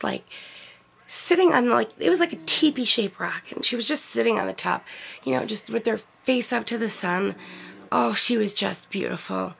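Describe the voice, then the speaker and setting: A middle-aged woman chatting casually about a trip, using lots of fillers and laughing often, with a gravelly, husky voice. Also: fairly high pitch, a bit bright. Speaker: vlogger. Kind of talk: casual storytelling.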